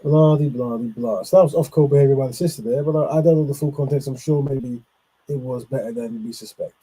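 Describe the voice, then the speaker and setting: A man's voice: mid-range voice, steady tone, quick pace, slightly rough, low-quality recording. A man hosting, commenting on clips in a loose, rambling way with lots of fillers. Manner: loose, rambling, with many fillers and shout-outs. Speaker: host.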